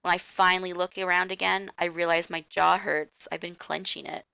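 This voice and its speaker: A woman streamer reading a visual novel aloud in a slow, hushed way. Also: fairly low pitch, flat delivery, creaky, clear, resonant tone, no room sound. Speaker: game streamer.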